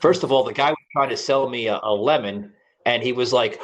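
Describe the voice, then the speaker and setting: A man's voice: mid-range voice, brisk. A man from New York with a New York accent, hosting a casual podcast chat in a blunt, teasing, joking way. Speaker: podcast host.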